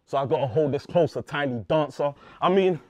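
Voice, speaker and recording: A man's voice: fairly high pitch, a little fast, darkish tone, no echo. British man spitting battle rap bars. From United Kingdom. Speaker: battle rapper. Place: battle rap event in New York.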